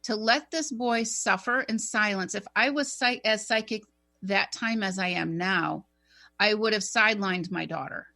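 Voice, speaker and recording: A woman on a talk radio show telling an emotional personal story in an earnest, animated way, often restarting her sentences. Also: medium pitch, normal speed, gravelly, faint music behind.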